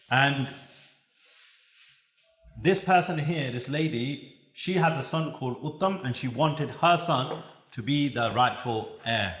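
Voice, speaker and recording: Male preacher, storytelling sermon, chants verses slowly, mid-pitched voice, roomy echo. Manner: storytelling, sings scripture lines in drawn-out chant. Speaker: Sikh preacher. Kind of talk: katha sermon. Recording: echoey room.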